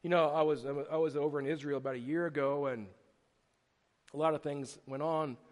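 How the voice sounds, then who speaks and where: Animated preacher in an echoing hall. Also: male voice, a little high, brisk. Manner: animated storytelling with repeated restarts. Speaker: pastor. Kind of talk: sermon. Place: church sanctuary. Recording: long hall reverb.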